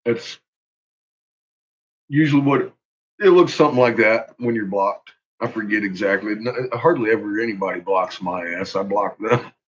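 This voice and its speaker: A man's voice: fairly low pitch, moderate pace. A man ranting on a live stream in casual, profane talk, laughing often and calling out to his viewers by name. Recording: muffled lo-fi recording.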